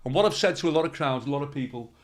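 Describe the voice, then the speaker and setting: An older man, a comedian telling stories in an interview, animated and swearing freely as he acts out the people in them. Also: fairly high pitch, very fast. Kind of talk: anecdotal interview storytelling.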